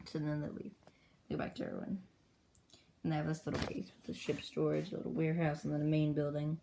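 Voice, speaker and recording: Talking fast in a low voice with vocal fry, a woman eagerly retells her comic journal's story in a loose, wandering way, popping into quick character voices. The background is noisy.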